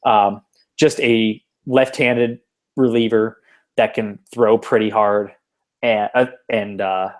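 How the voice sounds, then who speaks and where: Slow and steady in tone, this podcast host has a lowish voice. He rambles through a casual sports show with fillers and restarts, recorded on a home computer mic over an online call.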